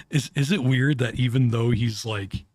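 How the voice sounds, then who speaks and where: A man streaming casual reaction commentary, halting and often restarting his words with little chuckles. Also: medium pitch, a little mellow, no echo.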